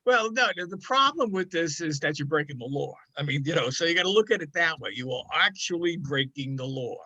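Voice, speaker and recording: An older man with a high, bright voice talks in a loose, rambling way, laughing often and circling back with "I mean". The sound is dry and close, like a video call. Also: expressive, brisk, no echo, highs cut off. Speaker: podcast co-host. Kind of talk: casual chat.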